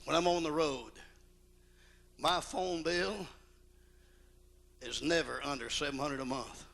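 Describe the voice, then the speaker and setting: A male pastor delivers a sermon in a folksy, emphatic manner. His voice sits a little high for a man and has a gravelly, forceful ring. He drops into quiet asides, then climbs into loud outbursts. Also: slow. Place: church auditorium.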